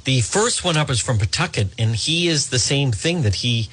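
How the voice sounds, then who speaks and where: A man's voice: mid-range voice, lively intonation, normal speed, fairly bright tone, slightly rough. A man hosting talk radio, commenting emphatically and addressing his listeners as folks.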